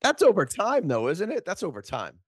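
A man's voice: high voice, wildly swooping pitch, moderate pace, breathy edge, dry recording, studio quality. A man hosting a podcast, asking rambling, joking questions in a casual interview. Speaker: podcast host.

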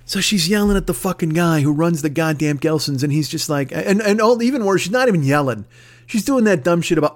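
A man's voice: high voice, lively intonation, moderate pace. A man hosting a podcast, ranting angrily and sarcastically with heavy swearing. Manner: angry, sarcastic, swearing heavily. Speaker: podcast host. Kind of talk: profane comedic rant.

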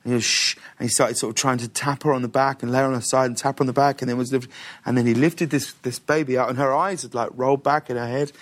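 A man's voice: medium pitch, fast. A man, a talk show guest telling a story with lots of restarts in a television studio. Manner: lively anecdotal telling with restarts and acted-out quotes. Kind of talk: animated storytelling in a studio interview.

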